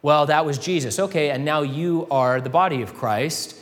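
A male pastor preaches in an easygoing, conversational style, breaking off for asides before building to emphatic points. His voice sits a little higher than most men's. The sound rings out with the long reverb of a hall. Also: normal speed. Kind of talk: sermon.

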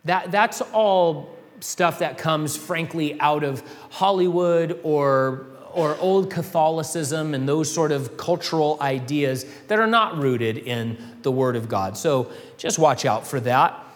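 A man's voice: on the high side, a little slow. A male pastor giving a sermon in a conversational, explanatory way, with asides and rising emphasis. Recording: long reverb of a hall.

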